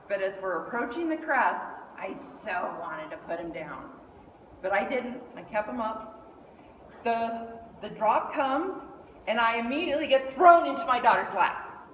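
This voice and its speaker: A middle-aged woman giving a lively storytelling speech, acting out the voices of the people in her story. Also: on the high side, measured pace, far from the mic, lo-fi sound, a little hiss or hum. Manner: animated, acts out quoted voices. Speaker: speaker at a speech club. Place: meeting hall indoors. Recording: echoey hall, mic from afar.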